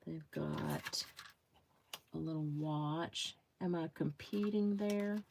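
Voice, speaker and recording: A woman's voice: sits low, slow pace, creaky, darkish tone, slight background noise. Chatty woman crafting on livestream. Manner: chatty, greets viewers by name, thinks aloud. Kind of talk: casual chat while crafting on a livestream.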